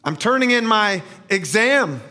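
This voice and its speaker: A man's voice: high voice, animated, measured pace, sharp tone, full character voice. A man voicing a confident, sly young male student in a sermon story. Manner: confident, mocking.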